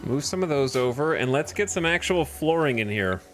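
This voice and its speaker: A man streams a game, chatting casually and thinking aloud about his next moves in an easygoing way. His medium-pitched voice is animated, brisk, and fairly bright, with faint music in the background.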